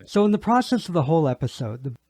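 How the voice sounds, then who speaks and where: A man's voice: on the high side, sing-song, fast, a little mellow, no echo. A man co-hosting a podcast, recapping an episode in an easygoing way, thinking aloud as he goes. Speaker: podcast co-host. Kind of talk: casual podcast chat.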